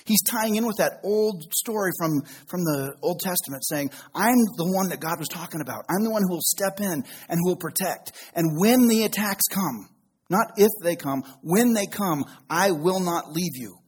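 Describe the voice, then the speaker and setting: A middle-aged pastor delivers a relaxed sermon, drifting into joking asides. His voice is a touch high and noticeably husky. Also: normal speed, hardly any pauses.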